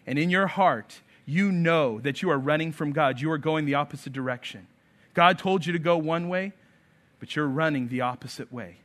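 A man's voice: on the high side, a bit bright. A male pastor delivering a sermon emphatically, acting out quoted voices as he preaches.

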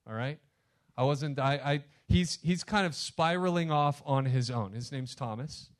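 Male pastor, emphatic conversational sermon, fairly high voice, loud-to-hushed swings. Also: a little slow. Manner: addresses congregation directly.

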